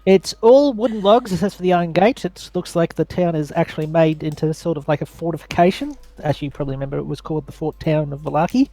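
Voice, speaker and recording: Gravelly-voiced man narrating as game master. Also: on the high side, dark tone, dry recording. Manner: measured descriptive narration.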